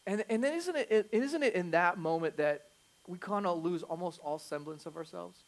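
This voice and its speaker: A man in his thirties, a pastor preaching a conversational sermon that swings from quiet asides to loud emphatic bursts, with self-deprecating jokes. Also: sits high, expressive, normal speed.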